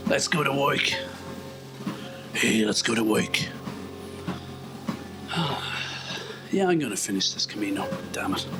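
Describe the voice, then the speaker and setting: Jogging on an indoor treadmill, an Irish man vlogs his musings, rambling, poking fun at himself and dropping to murmured asides. Calm instrumental music plays in the background; his voice is mid-range on a rough recording.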